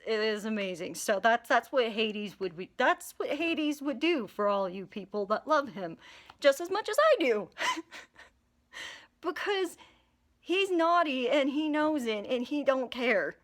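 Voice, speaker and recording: A woman's voice: on the high side, fairly bright tone. A woman chatting casually about a character she created, rambling with many fillers, giggling often and swearing freely. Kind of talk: casual chat.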